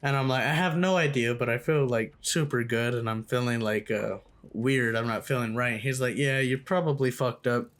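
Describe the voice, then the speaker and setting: A man's voice: medium pitch, steady tone, normal speed, hardly any pauses, fairly bright tone. A young man telling a casual storytime vlog, slangy and swearing freely. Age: young adult. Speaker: storytime YouTuber.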